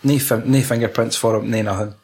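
A man's voice: fairly low pitch, fairly even intonation, a little fast, darkish tone, a little hiss or hum. A young Scottish man in casual chat about a film, laughing often and acting out lines from scenes.

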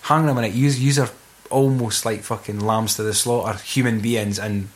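A man's voice: on the low side, fairly even intonation, moderate pace. A young Scottish man in casual, sweary conversation about a film. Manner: sweary, laughing, slips into mock voices.

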